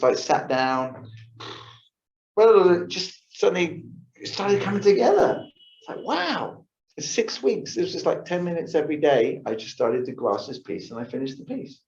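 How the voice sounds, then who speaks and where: In a yoga studio, a man with a mid-range, darkish voice gives a casual lifestyle talk to the class. He's chatty, acts out his own thoughts, and often asks the audience "right?" The recording is roomy with a dull lo-fi sound.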